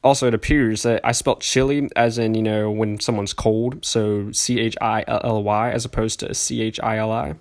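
A man's voice: on the low side, flat delivery, normal speed, hardly any pauses. Rambling self-mocking young man. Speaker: podcast host. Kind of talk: reading old school journal entries aloud with commentary.

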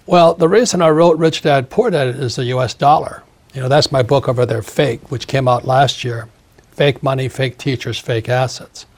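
An older man in his seventies, a husky-voiced author giving an interview, ranting emphatically and repeating phrases. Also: mid-range voice, normal speed. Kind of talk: opinionated interview talk.

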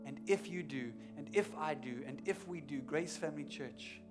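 Pastor preaching with rising, falling intensity. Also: male voice, on the high side, normal speed, music in the background. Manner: rises to emphatic peaks, then drops to quiet intensity; repeats key lines for emphasis. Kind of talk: sermon. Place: church.

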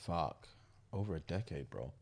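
Laid-back low-voiced guy. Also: lively intonation, moderate pace, vocal fry, a little mellow. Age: young adult. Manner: laid-back, echoes his friend, laughs often. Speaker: podcast co-host. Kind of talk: casual chat.

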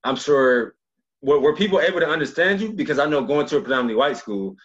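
A man's voice: fairly high pitch, expressive, quick pace, slightly rough. A man from Cleveland hosting a casual podcast interview, talking loosely with many fillers and repeats. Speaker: podcast host. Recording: dull lo-fi sound.

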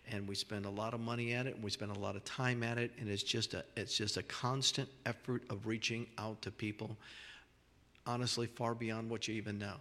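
A man's voice: on the low side, fairly bright tone. A male pastor preaching a sermon in a church, earnest, often repeating and restarting his phrases. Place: church sanctuary. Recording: long reverb of a large church hall.

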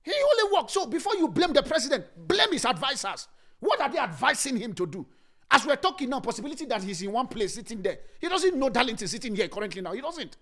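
Emphatic, high-pitched preacher man. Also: big pitch swings, fast talker. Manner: emphatic, repeats key phrases, swings between loud and hushed. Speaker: pastor. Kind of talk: sermon.

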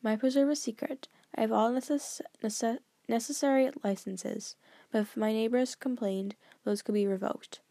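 A woman voicing a stern, formal old grandfather who speaks in a measured, grave, lecturing way, a bit lower and quieter than her narration. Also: steady tone, dry recording, lightly acted.

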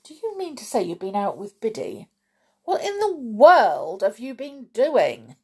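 A woman voicing a rough, impatient adult male farmhand who demands answers. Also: on the high side, very animated, a little slow, pitched above the performer's own voice, exaggerated voice. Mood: angry.

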